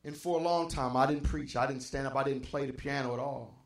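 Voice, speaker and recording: In an echoey church sanctuary, a male pastor preaches a sermon at a slightly fast clip, his medium-pitched voice holding a steady tone. He swings between impassioned emphasis and near-whispers, repeating phrases for effect.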